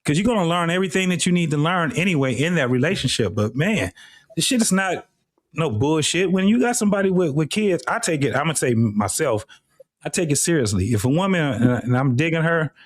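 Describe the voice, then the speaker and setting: A man's voice: fairly high pitch, lively intonation, a little fast, no room sound. Middle-aged guy hosting a live show, blunt and cussing a lot, dry close sound. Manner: blunt, profane, conversational. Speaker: host. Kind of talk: casual live commentary.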